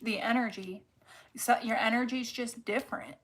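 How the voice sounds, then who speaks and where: In a casual tarot reading, a woman speaks straight to the viewer, candid and profane, repeating phrases emphatically to land her point. Her pitch is fairly high, her tone steady, and her pace moderate. Background noise is present.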